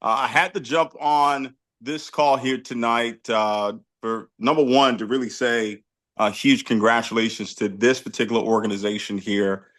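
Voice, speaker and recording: A man's voice: medium pitch, fairly even intonation, normal speed, a bit bright. A man, a company leader, thanking the team on a video call, with frequent filler sounds.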